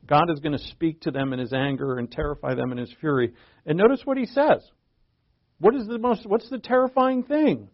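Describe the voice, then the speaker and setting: A man's voice: fairly high pitch, lively intonation, moderate pace. A man in his fifties preaching a conversational Bible sermon, asking rhetorical questions and often restarting his sentences. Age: 50s. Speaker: pastor. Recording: dull lo-fi recording.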